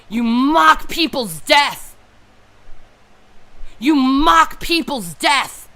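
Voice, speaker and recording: A woman's voice: sits high, big pitch swings, drawn-out words, pauses often, sharp tone. A grieving woman delivering a furious, profane livestream rant. She often repeats her points and sounds close to tears. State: grieving and upset. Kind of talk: angry unscripted livestream rant.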